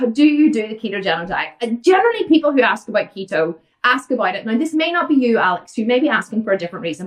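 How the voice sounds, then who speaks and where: A woman's voice: a little high, a bit bright, recorded from a distance. An Irish woman hosting a fitness Q&A, blunt and outspoken as she answers viewer questions. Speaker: fitness coach and host.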